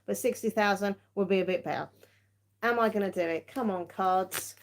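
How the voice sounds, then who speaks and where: Tired, giggly woman streamer, mid-pitched, loose casual chat. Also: normal speed, a little hiss or hum. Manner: chatty, giggly, self-mocking. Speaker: tarot-reading livestream host.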